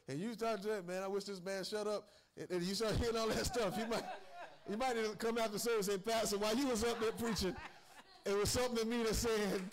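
A man preaching a sermon in a folksy way, laughing and calling out to his congregation. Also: high-pitched. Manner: folksy, laughing asides, calls and responses to the congregation.

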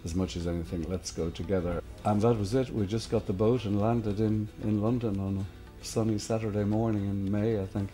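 Deep-voiced Irish man telling stories. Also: a little fast, few pauses, faint music behind. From Ireland. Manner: relaxed storyteller, easy laughs. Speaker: interviewee, musician. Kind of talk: documentary interview, anecdotal storytelling.

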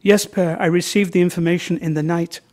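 A man reading aloud from a novel, voicing a devout, sophisticated widowed countess who answers slowly and hesitantly. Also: high voice, fairly even intonation, darkish tone, lightly acted. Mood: hushed. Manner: slow, hesitant replies.

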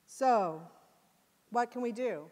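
A woman's voice: on the high side, expressive, slow pace, darkish tone. Passionate woman speaking in an echoing hall. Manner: passionate and emphatic. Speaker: conference speaker. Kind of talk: conference talk. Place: conference hall. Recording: long hall reverb.

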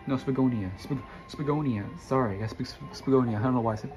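A man's voice: mid-range voice, quick pace, hardly any pauses, darkish tone, faint music behind. A young man giving casual, rambling gameplay commentary and chatting to his viewers. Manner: rambling, self-correcting, addresses viewers. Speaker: gamer.

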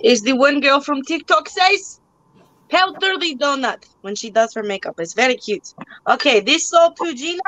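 A woman's voice: high-pitched, animated, normal speed, fairly bright tone, rough recording. A young woman hosting a live online auction, joking around in a put-on broken-English accent. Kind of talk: live sale chat.

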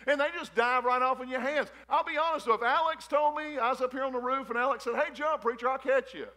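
A man's voice: very high-pitched, fast talker, sharp tone. A pastor preaching a sermon in a folksy, joking way, calling out to the congregation, emotional in his delivery. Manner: folksy, joking preaching with crowd call-outs. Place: church hall, a former gymnasium. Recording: long church-hall reverb.

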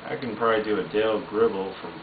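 A man casually introducing his voice impressions in a halting way, laughing between bits. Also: fairly low pitch, background noise. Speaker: amateur voice impersonator. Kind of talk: casual home video chat. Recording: tinny lo-fi echoey home recording.

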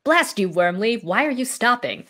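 A woman's voice: on the high side, very animated, fairly bright tone. A woman voicing a greedy, scheming male industrialist in a comic read-through of a script. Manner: brisk comic read-aloud of a scripted scene.

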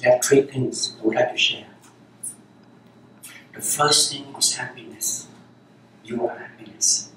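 A man's voice: medium pitch, fairly even intonation, a little slow, long pauses, sharp tone, slight background noise. A man giving a dharma talk as a Zen teacher, speaking unhurriedly in short, repeated phrases. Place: meditation center hall. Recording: very echoey hall, voice from far off.

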